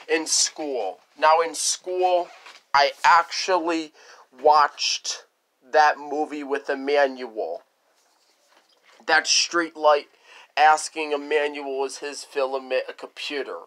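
Brief: high-pitched man, slow and scolding, repetitive lecturing tone. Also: pushed and bright. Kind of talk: improvised cartoon monologue.

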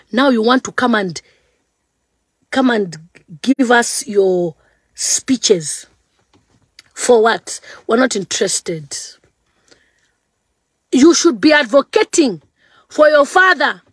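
A woman's voice: a little high, dry recording. A woman from Zambia delivering an angry political rant to camera, scolding and repeating mocking phrases. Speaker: vlogger.

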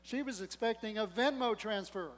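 A man's voice: sits high, moderate pace. A male pastor preaching a sermon with rising emphasis and playful humor, acting out the voices in the story. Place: church sanctuary. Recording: long church-hall reverb.

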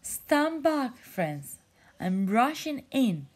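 A woman voicing an anxious little jellyfish boy in a storybook reading, with high pleading cries. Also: animated, slow pace, full character voice. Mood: shouting.

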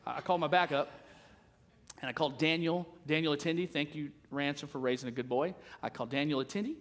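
A male senior pastor preaching a sermon in a casual, animated way, acting out conversations as he tells a story. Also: on the high side, fast talker.

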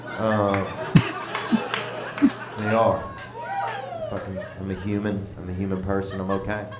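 A man's voice: low voice, level tone, a little slow, heavy background noise. Rambling man on a club stage. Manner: rambling, drawling, laid-back, Southern slang. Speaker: stand-up comedian. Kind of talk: stand-up set. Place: comedy club stage with live audience. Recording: roomy club with crowd laughter. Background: audience laughter.

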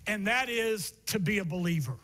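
A male pastor preaching a sermon, telling stories from his youth and building to emphatic, shouted passages. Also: high voice, expressive, moderate pace. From Miami area, United States.

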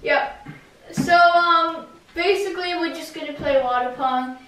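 High-voiced woman, echoey and far off. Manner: chatty, quick exclamations. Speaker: vlog co-player. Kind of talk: casual vlog chat. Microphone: own camera at a distance. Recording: echoey room, far from the mic, loud background noise.

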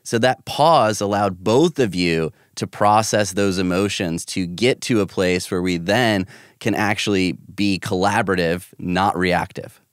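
Man hosting a podcast, very low voice, dry close sound, sums things up. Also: unhurried, smooth, no room sound. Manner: thoughtful, sums up the guest's point. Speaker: podcast host. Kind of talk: reflective interview question.

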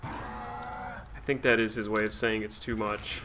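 A man's voice: fairly low pitch, very animated, takes it slowly, creaky, sharp tone, slight background noise. A man streaming a video game, talking casually, with sarcastic, profane grumbling at the game. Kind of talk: casual let's-play commentary.

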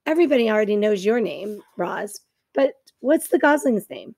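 A woman voicing an old, bossy female goose in a storybook reading, brisk and scolding. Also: mid-range voice, lively intonation, vocal fry, a little mellow, no room sound.

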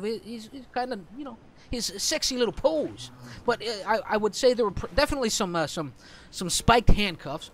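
High-voiced joking gameplay commentator man. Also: a little hiss or hum. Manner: chatty, joking, laughs often. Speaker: let's play host.

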